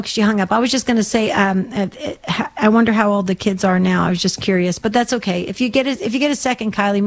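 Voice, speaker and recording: Woman, call-in radio host, Christian talk, effusive, fairly high voice. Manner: effusive, repeats words and restarts.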